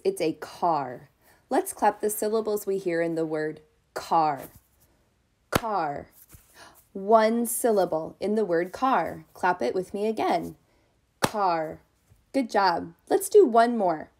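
A woman preschool teacher talks at a very unhurried pace. Her voice sits in a middle pitch. She speaks in a sing-song, encouraging way and draws words out slowly for small children. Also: warm tone, slight background noise. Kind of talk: teaching young children on video.

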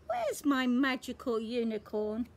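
A woman voicing an eager little girl piglet from a storybook, lifting her voice higher. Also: huge pitch swings, unhurried, heavily acted.

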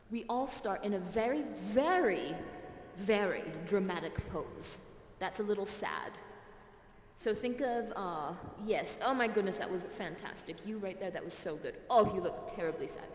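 An actress playing Rhonda, a bubbly, encouraging dance guide leading the audience through a playful performance in a live virtual theater show. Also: female voice, mid-range voice, reverberant, in a large hall, slight background noise, natural voice.

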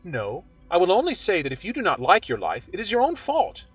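A man voicing a frank, teasing young woman who questions briskly and speaks in a bright, bossy way. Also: high voice, huge pitch swings, slightly rough, no room sound, pitched above the performer's own voice, heavily acted. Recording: dull audio with faint music.

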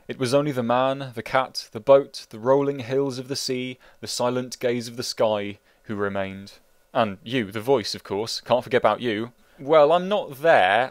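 A man who wrote the book, reading it as an audiobook narrator in a wry, meandering, deadpan way. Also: medium pitch, moderate pace.

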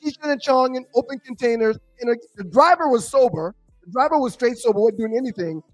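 High-voiced animated storytelling man. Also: brisk, no echo, faint music behind. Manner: animated storyteller, acts out other people's voices. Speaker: co-host. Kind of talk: casual storytelling on a talk show.

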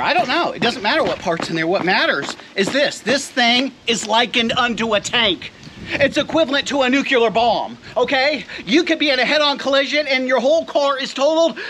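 A man's voice: very high-pitched, expressive, normal speed, sharp tone, a little hiss or hum. A middle-aged man doing a jokey unboxing vlog outdoors by his car, hyping the product and talking straight to his viewers. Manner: playful hype, talks straight to viewers. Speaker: vlogger reviewing gear.

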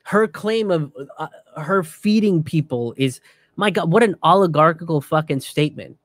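A man's voice: a little high, expressive, normal speed, no room sound, clean studio sound. A young man and comedian giving heated, profane political commentary, ranting and restarting his sentences.

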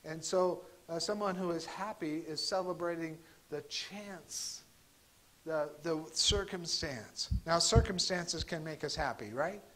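A pastor giving a conversational sermon, pausing often on fillers and restarting his sentences. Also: fairly high pitch, pushed and bright, poor audio. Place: church sanctuary.

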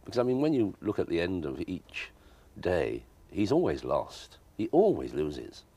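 An older man from South answers questions in a televised interview. His voice sits very low, yet it swoops up and down a lot. He talks in a wry, self-deprecating way, stopping and repeating himself as he thinks. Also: wildly swooping pitch, normal speed, warm tone, breathy edge, no echo. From South London. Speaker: guest actor. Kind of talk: broadcast interview. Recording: TV studio interview from 1983.

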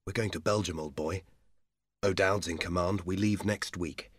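Man doing a quiet, faithful officer. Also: low voice, fairly even intonation, normal speed, husky, dry recording. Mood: quiet serious. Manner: quiet, serious. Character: faithful, serious young officer. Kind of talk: storybook reading.

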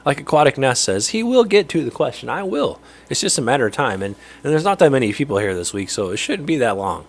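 A chatty middle-aged man hosts a relaxed livestream from his home fishroom. He rambles through viewer messages and laughs easily. His pitch sits squarely in the ordinary middle range. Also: fast. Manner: rambling and chatty, answering viewer chat and chuckling. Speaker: livestream host. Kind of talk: casual livestream chat.

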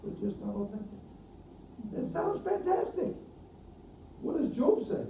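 A man preaching a sermon, earnest, often asking the congregation questions and building to loud emphatic peaks. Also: very high voice, big pitch swings, unhurried, pauses often. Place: church hall. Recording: distant roomy mic, dull sound, faint ambience.

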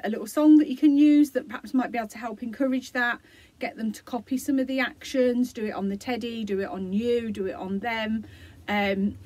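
A woman explaining, gently and encouragingly, how parents can use a song for self-care routines, with many fillers. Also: on the high side, no echo. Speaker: early years support practitioner. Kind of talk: instructional video for parents.

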